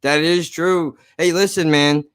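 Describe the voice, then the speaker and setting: A man's voice: on the high side, fairly even intonation, measured pace, fairly bright tone, clean tone, no room sound, studio quality. A man hosting his own podcast, ranting casually with slurred speech and lots of swearing. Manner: slurred, profane, rambling. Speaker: podcast host. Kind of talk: casual rant to listeners.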